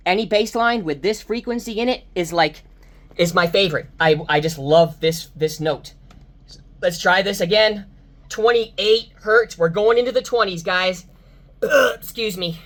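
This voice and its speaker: Excitable woman doing car audio tests. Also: medium pitch. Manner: excitable, exclaiming, talking to viewers. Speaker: car audio enthusiast testing subwoofers. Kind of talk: excited vlog commentary. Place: inside a car.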